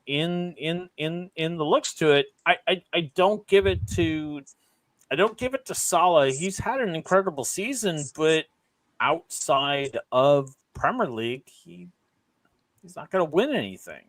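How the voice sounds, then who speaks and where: A man's voice: fairly high pitch, lively intonation, measured pace, fairly bright tone, no echo. A man co-hosting a football fan show in casual talk, hesitant, with many ums and restarts. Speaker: co-host.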